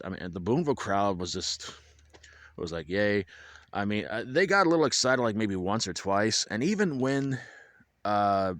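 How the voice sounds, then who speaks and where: A man's voice: on the low side, no room sound. A man casually recapping a football game for his viewers outdoors in the wind, chatty and full of restarts and wry asides. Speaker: vlogger recapping a high school football game. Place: outdoors at a stadium, windy.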